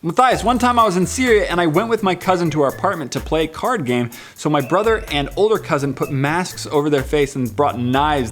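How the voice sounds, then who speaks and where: Male vlogger in his twenties, slightly high voice, playful and joking as he reads comments, light music bed. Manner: playful, jokey, animated. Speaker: vlog host. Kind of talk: reading viewer comments aloud.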